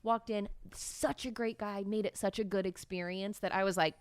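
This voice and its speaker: A woman's voice: mid-range voice, steady tone, moderate pace, clean tone, no room sound. A woman co-hosting a sales podcast, chatting casually in an upbeat, playful way. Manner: upbeat, playful, laughs often. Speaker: podcast co-host, marketing director.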